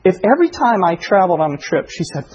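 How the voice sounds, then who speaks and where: A middle-aged man preaching a sermon, impassioned, rising to loud emphatic delivery full of rhetorical questions. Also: high-pitched, very animated, fast, husky, highs cut off. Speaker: pastor.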